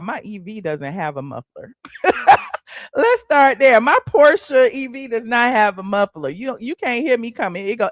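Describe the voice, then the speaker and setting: A woman's voice: medium pitch, no room sound. A woman hosting a casual celebrity gossip livestream, sassy and chatty, calling the audience honey and child, humming mm-hmm and laughing between points.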